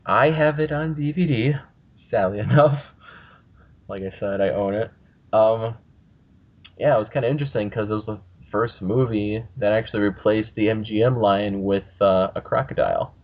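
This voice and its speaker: A man's voice: fairly low pitch, moderate pace. A man hosting a casual podcast, rambling and swearing freely as he talks. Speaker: podcast host. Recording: muffled lo-fi audio.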